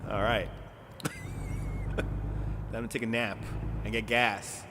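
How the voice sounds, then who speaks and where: A man's voice: on the low side, level tone, slow pace. A man live streaming a game, chatting casually with viewers, giggling often and rambling through restarts. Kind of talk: casual gameplay chat. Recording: noisy background.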